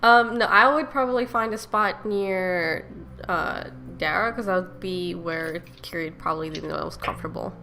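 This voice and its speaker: A woman's voice: fairly low pitch, moderate pace, creaky, sharp tone. A woman playing a tabletop game, speaking hesitantly and encouraging others. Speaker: player. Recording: noisy mic.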